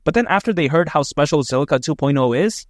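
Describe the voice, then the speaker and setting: A man with a slightly high, expressive voice talks fast while hosting a casual, opinionated crypto commentary video. He's enthusiastic and conversational, using lots of fillers, and the studio-quality audio has no echo.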